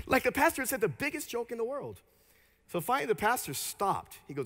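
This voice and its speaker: A man pastor preaching an energetic sermon in a church, leading the congregation in call-and-response. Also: very high voice, fairly quick, creaky, long reverb tail. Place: church sanctuary.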